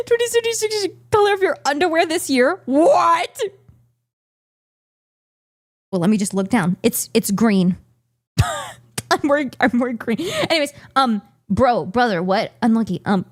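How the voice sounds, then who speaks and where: A high, bouncy woman's voice chatting to a live stream audience. She is giggly and incredulous, and her pitch jumps all over the place. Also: lively intonation, normal speed. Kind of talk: casual live-stream chat.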